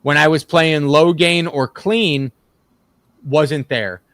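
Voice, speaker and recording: A man's voice: a little high, fairly even intonation, slow pace, fairly bright tone, no room sound. A man who plays guitar in a band, a guest in a casual gear chat who tells rambling, easygoing stories. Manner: easygoing, rambling storyteller with fillers.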